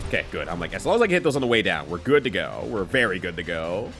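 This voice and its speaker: A man's voice: sits low, sing-song, fast, fairly bright tone, faint music behind. A man chatting casually with his viewers while playing a game, laughing often. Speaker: streamer. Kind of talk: casual gameplay commentary.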